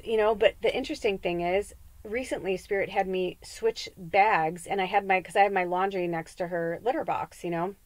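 A woman's voice: medium pitch, no echo. A middle-aged woman from the Midwest, a psychic medium rambling candidly in a casual spiritual podcast monologue and swearing freely. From American Midwest.

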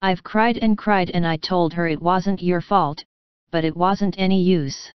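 A loyal, earnest little girl, simple and sincere, as a woman reads her in an audiobook. The voice is low-set and very smooth, recorded dry with a dull, lo-fi edge. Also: steady tone, a little slow, no room sound, lightly acted. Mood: tearful. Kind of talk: audiobook reading.

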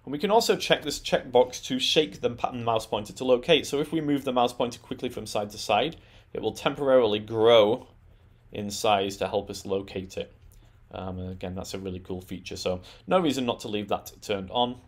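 A man presenting a tech tutorial, talking through settings in a relaxed, explanatory way with frequent "um" and "uh". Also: mid-range voice, a little fast. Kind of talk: screen-recorded software walkthrough.

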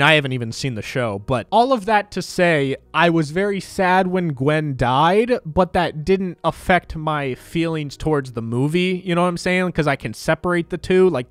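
A man hosting a casual movie review, ranting in an animated, exasperated way and swearing freely. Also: a little high, no room sound. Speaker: movie reviewer, channel host.

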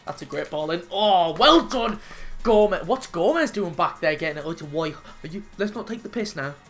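A man's voice: on the high side, lively intonation, fast, a bit bright, faint music behind. A man talks over his own football video game as he plays. His commentary is emotional and full of swearing, and it spills into rants when things go wrong. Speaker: gaming YouTuber.

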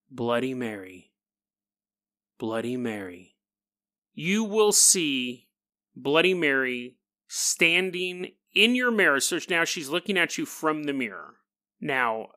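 A man's voice: a little high, pushed and bright. A man hosting a podcast in a casual monologue, talking in a joking, self-mocking way. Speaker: podcast host.

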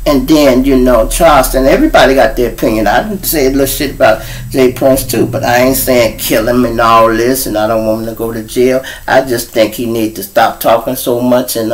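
Animated cussing man. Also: normal speed, low-quality recording. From Chicago. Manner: animated, swings from low mutters to loud outbursts, cusses freely. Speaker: show host and storyteller. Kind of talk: casual monologue to a live audience. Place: home room.

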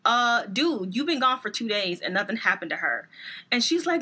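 A woman's voice: a little high, sing-song, moderate pace, pushed and bright, husky. A woman co-hosting a casual book review podcast, acting out characters mockingly and laughing often.

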